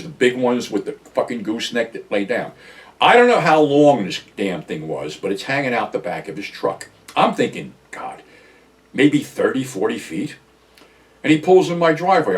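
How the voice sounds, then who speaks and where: Recorded on a distant mic, a medium-pitched older man from New Jersey, USA, rambles bluntly through a story from his days as a channel host, swearing heavily and rising loud whenever he quotes himself.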